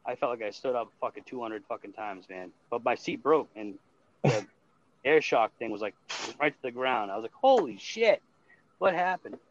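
A man's voice: medium pitch, normal speed, a little hiss or hum. A man from Massachusetts with a Boston accent, chatting casually on his stream, rambling loosely and swearing constantly. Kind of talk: casual chat. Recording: dull lo-fi sound.

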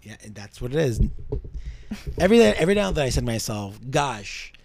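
A male podcast host telling a true-crime story in a measured way, dropping low for grim details. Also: sing-song, vocal fry, darkish tone, a little hiss or hum.

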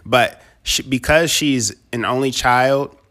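A man's voice: mid-range voice, takes it slowly, a bit bright. Rambling man chatting on a podcast. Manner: rambling, hesitant, many fillers. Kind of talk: casual podcast chat.

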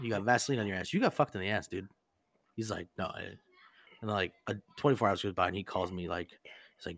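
A man's voice: sits low, fast talker, fairly bright tone. A man casually telling a crude prank story on a podcast, rambling and profane, full of "like" and acted-out quotes.

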